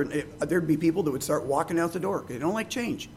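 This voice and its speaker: A man's voice: a little high, fast talker, few pauses, a little hiss or hum. A man preaching a sermon, reading scripture aloud and asking his listeners rhetorical questions.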